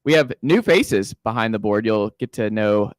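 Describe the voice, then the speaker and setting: Upbeat radio host. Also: male voice, on the low side, expressive, no room sound. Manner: upbeat, quick, with fillers. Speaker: radio sports show host. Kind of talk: casual sports radio talk. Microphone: studio microphone.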